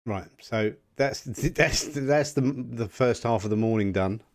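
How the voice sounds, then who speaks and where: A man narrating as game master in a tabletop game, relaxed and easygoing. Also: medium pitch, unhurried.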